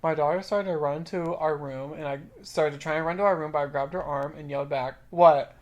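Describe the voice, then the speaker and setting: Woman, low voice, casual podcast chat, drawling, swears casually. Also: fairly even intonation, brisk, darkish tone, lo-fi sound. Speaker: podcast co-host. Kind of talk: casual chat and reading stories aloud.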